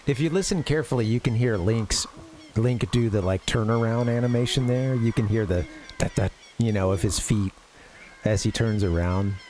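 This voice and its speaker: A man's voice: on the low side, normal speed, a little mellow, slight background noise. An American man giving casual, rambling commentary as a game streamer, full of fillers and asides. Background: game music.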